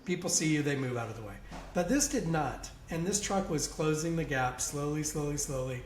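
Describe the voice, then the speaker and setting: A man guesting on a podcast, telling a long anecdote in a casual, animated way and laughing along as he goes. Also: on the high side, a little fast, roomy sound, a little hiss or hum. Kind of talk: casual storytelling.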